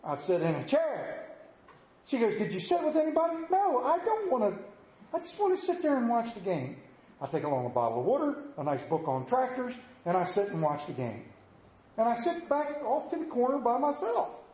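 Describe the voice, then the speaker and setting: A man's voice: high-pitched, wildly swooping pitch, normal speed, darkish tone, reverberant, poor audio. A middle-aged man preaching a sermon, telling folksy, self-deprecating stories to his congregation in a church. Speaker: pastor. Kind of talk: sermon with storytelling.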